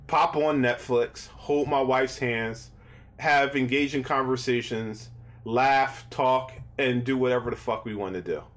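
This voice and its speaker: A middle-aged man co-hosting a podcast, talking in a rambling way, repeating his words and swearing freely. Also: mid-range voice. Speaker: podcast co-host. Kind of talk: casual chat.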